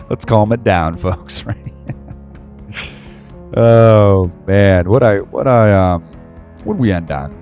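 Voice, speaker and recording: A man's voice: fairly low pitch, extremely slow, long pauses, a little mellow, dull audio, faint music behind. A man hosting an online Bible study, ranting heatedly and rambling in slang, laughing to himself between points. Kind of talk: casual ranting commentary.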